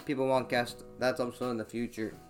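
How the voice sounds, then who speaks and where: Brief: man, mid-pitched, casual solo podcaster, swears a lot, loose rambling delivery, home mic on a towel-draped chair, faint music underneath. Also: little pitch movement, a little fast. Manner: rambling, profane, many "like" fillers. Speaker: podcast host. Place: small home room. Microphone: microphone on a chair covered in a towel.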